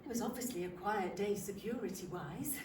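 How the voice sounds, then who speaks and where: An older woman, performing a comic stage monologue in a wry, self-deprecating, expressive manner. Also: mid-range voice, a little fast, noisy background. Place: theatre stage. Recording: roomy theatre, from a distant mic.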